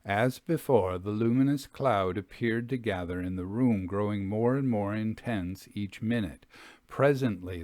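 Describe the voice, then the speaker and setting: A man narrating a gothic ghost story aloud in a slow, deliberate and expressive way. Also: fairly low pitch, dry recording.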